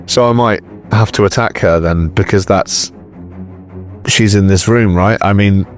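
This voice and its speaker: A man's voice: lowish voice, unhurried, faint music behind. A man playing a tabletop horror game, brash and jokey, swearing freely. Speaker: player.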